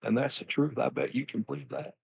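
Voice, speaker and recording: A man's voice: medium pitch, fairly even intonation, brisk, creaky, breathy edge, dry recording, exaggerated voice. A man putting on an impression of a folksy former president in his seventies, mock-earnest with a drawl. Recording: dull lo-fi line.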